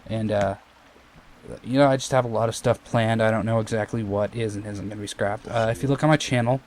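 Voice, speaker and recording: A young man with a lowish voice talks loosely over his gameplay and keeps circling back to restart his sentences. A faint hiss of background noise sits under the recording. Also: steady tone, fairly quick, darkish tone. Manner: rambling, many fillers and restarts. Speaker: Let's Play commentator. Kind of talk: casual gameplay commentary.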